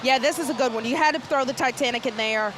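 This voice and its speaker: A woman's voice: a little high, quick pace. A woman co-hosting live parade coverage on TV, chatty and bubbly. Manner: chatty, bubbly, breaks into song. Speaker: TV parade co-host. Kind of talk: live broadcast commentary. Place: outdoors at a parade venue. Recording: loud outdoor crowd noise. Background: noisy crowd.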